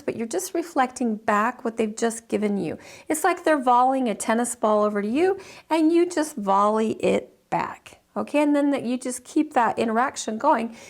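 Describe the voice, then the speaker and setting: A middle-aged woman gives an informal lesson on counseling skills, her voice sitting a little high. She talks in a loose, chatty way, full of fillers and restarts, and acts out short sample exchanges as she teaches. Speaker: counseling instructor.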